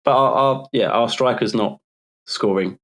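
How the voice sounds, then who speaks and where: A man's voice: medium pitch, measured pace, fairly bright tone. London man in casual football chat. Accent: London English. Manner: chatty, teasing, laughs easily. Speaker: podcast co-host.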